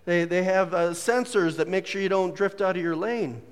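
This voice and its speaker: A man preaching a casual, jokey sermon as a pastor, full of folksy asides and quick humor. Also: sits high, clear, resonant tone, long reverb tail. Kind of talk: conversational sermon.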